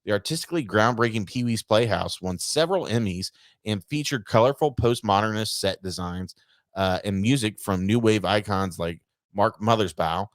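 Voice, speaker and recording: A man's voice: on the low side, no room sound, clean studio sound. A man co-hosting a casual podcast, reading a news article aloud and stumbling over words with offhand asides. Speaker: podcast co-host.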